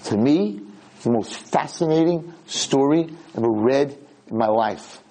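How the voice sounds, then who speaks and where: A middle-aged man teaching a Torah class, an animated storyteller whose voice leaps high when acting out the quotes, talking quickly and often repeating and restarting words. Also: low-quality recording. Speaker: rabbi lecturer. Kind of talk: Torah class to a live room.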